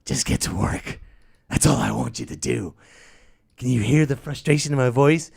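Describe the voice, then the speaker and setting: A man hosting a podcast, telling a comic story as an exasperated rant that breaks into yelling, close to a studio microphone. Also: mid-range voice, normal speed, vocal fry, husky. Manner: exasperated, animated, bursts into yelling. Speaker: podcast host.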